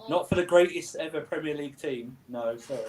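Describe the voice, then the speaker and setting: A man's voice: a little high, brisk, darkish tone, poor audio. A man co-hosting a casual football watchalong, easygoing and agreeable, often chiming in with "yeah". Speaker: co-host of a watchalong.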